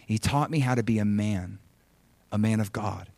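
Delivering a sermon at a moderate pace, a fairly low-pitched man shares a personal story, chuckling often as he moves animatedly from loud emphasis to quiet asides. The recording is dry.

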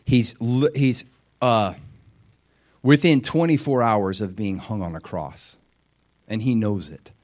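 A man preaching a sermon with animated, emphatic delivery and frequent questions to his listeners. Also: on the low side, takes it slowly, long pauses.

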